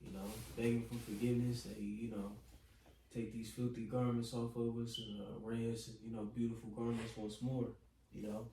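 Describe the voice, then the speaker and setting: A man's voice: medium pitch, flat delivery, fairly quick, mellow, slight background noise. A man co-hosting a casual religious talk, loose and streetwise, full of "you know what I'm saying". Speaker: co-host. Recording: distant echoey room mic.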